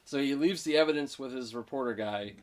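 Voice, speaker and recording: Man co-host recapping a movie in casual chat, excited, mid-pitched, breaks into quick character voices. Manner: excited retelling, acting out lines with quick voice switches.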